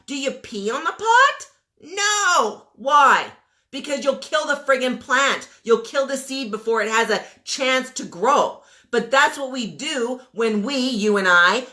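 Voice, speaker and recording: A woman's voice: fairly high pitch, sharp tone. A woman in her forties giving a motivational rant as a coach, emphatic and blunt, firing rhetorical questions and repeating commands. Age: 40s. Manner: blunt, mild swearing.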